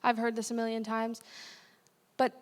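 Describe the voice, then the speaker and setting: A woman's voice: fairly high pitch, completely flat delivery, normal speed. A young adult woman, a guest speaker, preaching a sermon in a conversational, candid way with frequent asides and self-corrections. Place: church sanctuary. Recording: long hall reverb.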